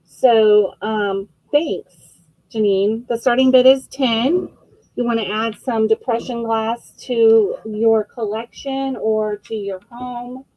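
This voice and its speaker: A woman runs a live-stream vintage sale in a chatty, friendly way, taking her time over each piece. Her voice sits a little high and sounds close and dry, with no room echo. She fills gaps with little ums and corrects herself as she goes. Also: fairly even intonation, takes it slowly, highs cut off. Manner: chatty and friendly, describing items with frequent fillers and self-corrections. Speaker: host of a live online vintage auction. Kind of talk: casual live-stream selling.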